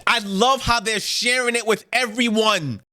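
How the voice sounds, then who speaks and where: A man's voice: high-pitched, steady tone, a little slow, pushed and bright. A man hosting a reaction video, talking casually and often breaking into exclamations. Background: show audio playing.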